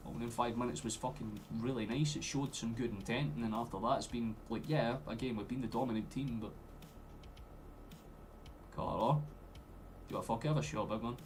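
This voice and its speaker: A young Scottish man streaming a football watchalong, chatting and swearing freely, with sudden loud outbursts at the play. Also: medium pitch, fairly quick, pauses often, slight background noise. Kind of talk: live match commentary to chat.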